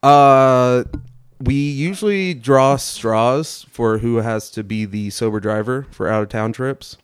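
A man in his twenties, a guest on a casual podcast, telling a story in a laid-back, deadpan way. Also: mid-range voice, slow pace, clear, resonant tone, no room sound, clean studio sound.

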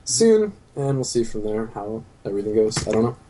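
A young adult man, a guest in a casual chat, answering in a quiet, low-key, matter-of-fact way. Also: very animated, brisk, slight background noise.

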